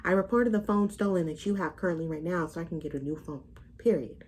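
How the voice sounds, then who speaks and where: A woman's voice: lowish voice, fast, a little mellow, breathy edge. A young adult woman telling a story to her vlog camera in a blunt, emphatic, profane way. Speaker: vlogger. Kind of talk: casual storytime rant.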